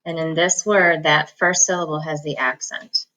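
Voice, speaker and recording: A woman teaching a reading lesson, slowly sounding out words and syllables and pausing for the listener to repeat them. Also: sits low, steady tone, sharp tone. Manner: slow, patient enunciation of words and syllables; repeats each word for the listener to echo. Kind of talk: phonics lesson, slow and clear.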